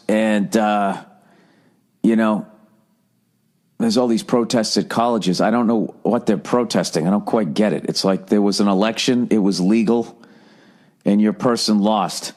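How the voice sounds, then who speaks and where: A man in his forties with a Boston accent talks alone into his podcast mic in a fairly low voice. He rants in a profane, sardonic way and tells his stories with lively energy. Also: normal speed. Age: 40s. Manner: profane, sardonic, animated storytelling. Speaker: podcast host. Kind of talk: solo comedic podcast rant.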